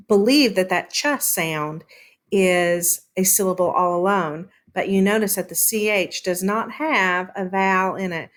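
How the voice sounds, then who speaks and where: A woman teaching a lesson, explaining patiently and sounding words out slowly, with frequent "um" fillers. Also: medium pitch. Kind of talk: classroom lesson on syllables.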